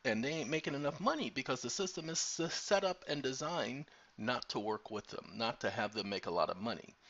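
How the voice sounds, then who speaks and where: A man's voice: mid-range voice, expressive, brisk, a bit bright, highs cut off. A man hosting his own channel, chatting casually to his viewers in a playful, preachy, slangy way while wearing a headset mic. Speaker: channel host. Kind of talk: casual talk to camera while making hot chocolate.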